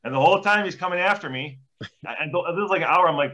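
A man's voice: on the high side, fast, bright, forceful tone. A man in his forties, a former hockey player, telling rambling, profane anecdotes as a podcast guest. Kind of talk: casual storytelling. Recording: dull lo-fi sound.

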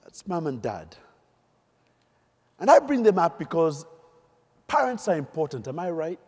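Man, middle-aged, keynote storyteller, husky, echoey conference hall. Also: fairly high pitch, unhurried. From Uganda. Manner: animated storytelling, quizzing the audience. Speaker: keynote speaker. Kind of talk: keynote speech.

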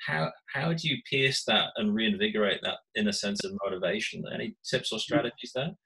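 A man's voice: on the low side, brisk, creaky, bright, forceful tone, low-quality recording. A man interviewing a guest, asking long, chatty, rambling questions.

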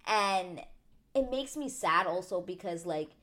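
A chatty woman with a somewhat low-pitched voice recaps a reality show with loud opinions. She talks casually, packs in fillers, and jumps high when she gets indignant. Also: animated, measured pace. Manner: rises to high indignant exclamations. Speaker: TV recap vlogger.

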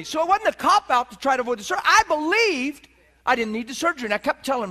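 High-voiced, excitable male preacher telling a story. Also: fairly quick. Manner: excited, emphatic, acts out voices, laughs often. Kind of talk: sermon storytelling.

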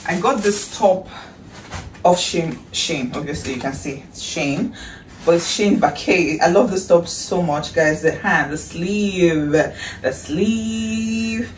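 A woman with a Nigerian accent chatting in a casual haul vlog, excitable and gushing, breaking into shrieks and breathy exclamations. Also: fairly low pitch, unhurried. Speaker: vlogger. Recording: echoey room, distant mic, faint hiss.

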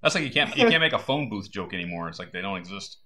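A middle-aged man hosts a casual chat. His voice is very low and lively, and he throws in wry, joking remarks. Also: fast. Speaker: podcast host.

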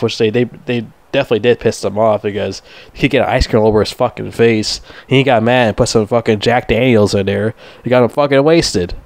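A man's voice: lowish voice, steady tone, fairly quick, dry recording. A young man ranting casually and profanely as a movie reviewer, rambling and mocking. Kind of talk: casual rant.

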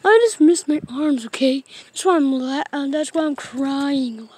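A woman's voice: high-pitched, normal speed, a little mellow, no room sound, close to an everyday voice. A woman voicing a sad armless puppet boy who whines and sings about his troubles in a puppet play. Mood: mopey. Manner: whiny, mopey, sing-song.

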